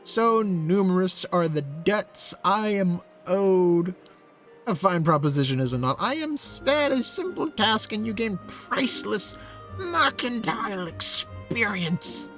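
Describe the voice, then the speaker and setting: Game NPC: scheming merchant, smug and showy, voiced by a man, lively pitch. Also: slow, soft background music, heavily acted. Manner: theatrical, sweeping pitch swings.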